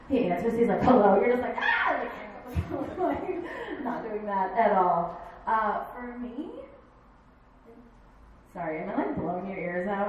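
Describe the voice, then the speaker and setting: A woman in her thirties doing a stand-up comedy set, chatty and animated, slipping into quick impressions. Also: mid-range voice, lo-fi sound. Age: 30s. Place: bar stage. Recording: echoey bar room from far off.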